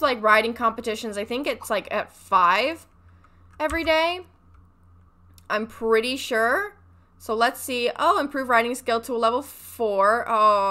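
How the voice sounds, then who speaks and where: A young woman narrates her game session in a loose, chatty way, talking straight to her characters. Her voice sits a little high and bright, with a very lively, swooping pitch. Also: slight background noise. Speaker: let's play gamer. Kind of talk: casual gameplay commentary.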